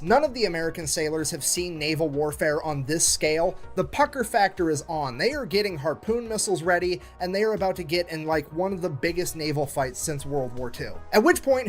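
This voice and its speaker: A man with a high voice tells military history as a comedy bit. He keeps it sarcastic and punchy, and faint music plays underneath. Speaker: history video narrator.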